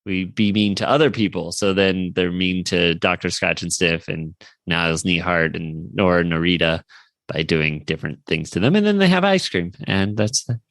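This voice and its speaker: A man's voice: sits low, moderate pace, a bit bright, no room sound. A man co-hosting a podcast, recapping a cartoon episode in a rambling, casual way. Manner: rambling recap, with frequent fillers and laughs. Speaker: podcast co-host.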